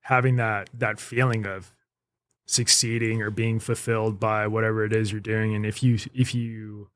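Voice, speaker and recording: Man, young adult, relaxed podcast chat, low pitch, dry studio sound. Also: normal speed, dry recording. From Memphis. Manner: laid-back, many fillers and restarts. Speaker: podcast guest, music producer and baker.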